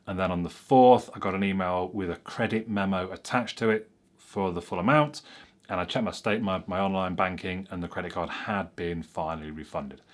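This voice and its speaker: A man, a tech reviewer casually telling a story to camera in a chatty, rambling way that often corrects itself. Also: low-pitched.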